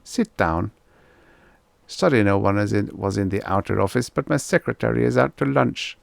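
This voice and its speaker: A man's voice: lowish voice, normal speed, creaky, no room sound. A man voicing a small, formal male psychiatrist with a German accent. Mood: clinical.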